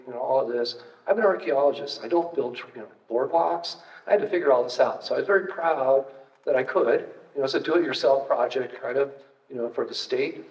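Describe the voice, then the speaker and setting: An older man gives a relaxed, anecdotal lecture, chatting through his slides with fillers and dry asides. He sits at a distance from the mic in a large, reverberant room. The recording sounds dull and muffled. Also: mid-range voice. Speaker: retired state parks archaeologist giving a talk. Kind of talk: casual public lecture with slides.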